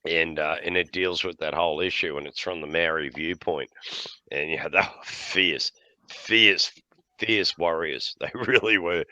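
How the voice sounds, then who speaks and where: A man's voice: low voice, no room sound, lo-fi sound. An Australian man hosting a live stream, swearing freely and laughing as he tells stories. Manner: laughs often, swears freely, lively yarn-spinning. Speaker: livestream host. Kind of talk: casual chat with jokes and yarns.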